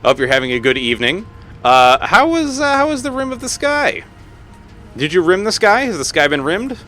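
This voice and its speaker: A man in his thirties chatting loosely with his stream while he plays. His pitch swings up and down a lot, and his bright, forceful tone keeps the banter bouncing along with jokes and casual swearing. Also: normal speed, faint music behind. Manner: animated, joking, swears freely, talks to chat. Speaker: game streamer. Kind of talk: casual live-stream chat while gaming.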